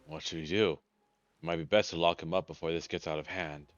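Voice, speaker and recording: A man's voice: low-pitched, fairly even intonation, fast talker, highs cut off, faint music behind, lightly acted. A man voicing a wary city guard, speaking in a level, businesslike way. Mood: concerned.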